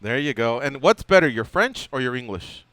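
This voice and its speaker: A man's voice: mid-range voice, animated, normal speed, a bit bright, dry recording. A male radio host chatting casually about fighting, joking and teasing his guest. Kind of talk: casual sports radio chat.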